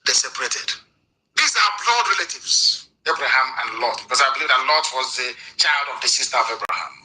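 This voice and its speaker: A man's voice: medium pitch, sing-song, fairly quick, pushed and bright, slight background noise, rough recording. A man giving a preaching political address, emphatic and scolding, repeating points for stress.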